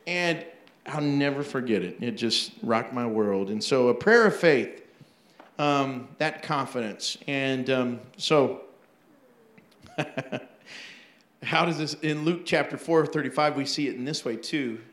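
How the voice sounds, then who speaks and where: A man's voice: medium pitch, a little slow, a bit bright, roomy sound. A man preaching a sermon as pastor, telling stories animatedly with laughs and acted-out asides.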